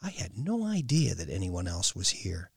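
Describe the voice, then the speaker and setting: A man's voice: sits low, huge pitch swings, moderate pace, vocal fry, breathy edge, no echo, studio quality, heavily acted. A man doing a flustered, earnest young woman.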